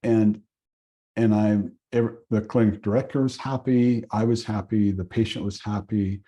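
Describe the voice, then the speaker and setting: Very mellow, slow-speaking man. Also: lowish voice, steady tone. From Oregon, USA. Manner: earnest, pausing with fillers. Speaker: acupuncture instructor. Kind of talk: storytelling lecture.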